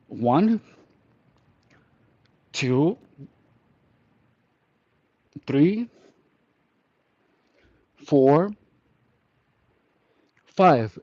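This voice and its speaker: A man's voice: a little high, a little mellow, lo-fi sound. A male fitness trainer giving tongue-in-cheek workout instruction, counting reps and playing up a mock-delicate persona. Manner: mock-delicate self-praise between exercise counts.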